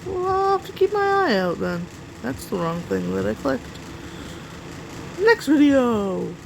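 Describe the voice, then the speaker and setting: A woman's voice: on the high side, big pitch swings, measured pace, gravelly, background noise. A woman hosting a reaction video in casual, rambling commentary, talking to herself and swearing now and then. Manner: rambling, swears, talks to herself while browsing.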